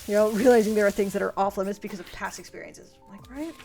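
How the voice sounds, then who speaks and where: A woman's voice: medium pitch, fast talker, gravelly, a little mellow. A young woman streaming, casually reading her old letters aloud and mocking her past self, swearing freely. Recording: faint music behind.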